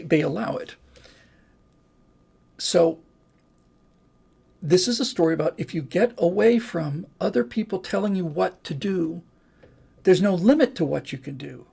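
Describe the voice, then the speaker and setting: A man's voice: high-pitched, creaky, a little mellow, husky. An older man hosting a live stream, chatting casually and reading comments in a rambling, folksy way. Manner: rambling, folksy, restarts and asides.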